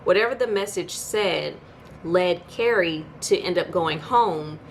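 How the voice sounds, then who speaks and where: A woman's voice: fairly low pitch, a little slow, slight background noise. Chatty woman recapping a TV episode. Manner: chatty storytelling with incredulous asides. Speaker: YouTube TV reviewer.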